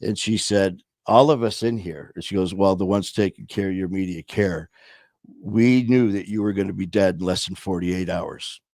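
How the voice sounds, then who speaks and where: A man's voice: sits low, moderate pace, a little mellow, no room sound, clean studio sound. A man casually telling a personal story, blunt and profane, with many restarts and trailing phrases. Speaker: podcast host telling his story.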